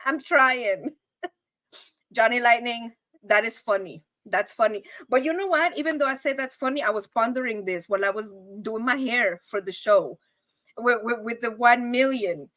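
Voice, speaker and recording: High bright-voiced woman chatting live. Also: normal speed, no echo. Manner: emotional, laughing, chatty with viewers. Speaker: channel host. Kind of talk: casual livestream chat.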